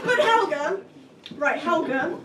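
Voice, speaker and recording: A young woman with a very high, lively voice does a self-deprecating stand-up set, slipping into mock rants. She speaks slowly and deliberately. The sound is roomy and distant, caught from across a small club over loud crowd laughter. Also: background noise. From half English, half German. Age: young adult. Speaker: stand-up comedian. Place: small comedy club stage. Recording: echoey club recorded from far off. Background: audience laughing.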